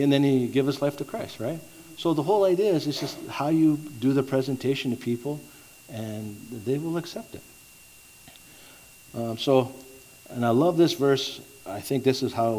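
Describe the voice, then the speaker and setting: Man, mid-pitched, warm mellow tone, chatty halting preacher, keeps checking in with listeners. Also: slight background noise, poor audio. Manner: conversational, asks the audience "right?"; halting, with many restarts. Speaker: evangelism teacher. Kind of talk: sermon with storytelling.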